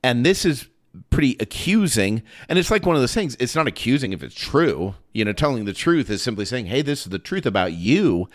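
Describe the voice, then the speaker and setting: A man's voice: mid-range voice, very animated, brisk. A man co-hosting a podcast, earnestly talking through a Bible passage in casual conversation, asking pointed questions with restarts. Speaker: podcast co-host.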